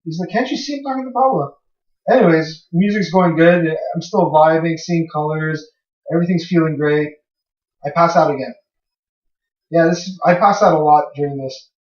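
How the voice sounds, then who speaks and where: Young male co-host, slightly high voice, loose swearing storyteller; dull lo-fi sound, distant from the mic. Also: fairly even intonation, moderate pace, a little mellow. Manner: rambling, swears freely, acts out his own past lines. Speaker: podcast co-host. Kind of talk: casual storytelling. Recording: echoey room, far from mic, dull lo-fi.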